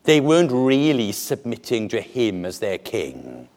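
Animated, slow-paced male preacher. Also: fairly low pitch. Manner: animated, deliberate preaching with dramatic pauses. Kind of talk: sermon.

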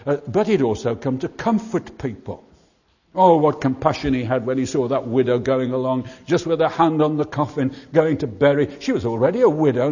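A man's voice: on the high side, darkish tone, slightly rough. An older man preaching a sermon in an earnest, emphatic way, repeating his points. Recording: muffled hall recording with long reverb.

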